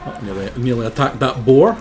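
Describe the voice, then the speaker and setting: A man streaming a strategy game live, excitable, swearing casually and talking to his units. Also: mid-range voice, fairly quick. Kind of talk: live gameplay commentary. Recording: game music behind.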